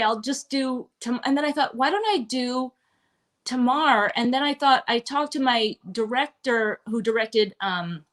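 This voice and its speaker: A middle-aged woman from Manhattan, New York, a guest performer, rambles through a casual interview chat, dotting it with fillers and asides. Her voice is on the high side with a fairly bright tone, and the conversation is live-streamed from a restaurant.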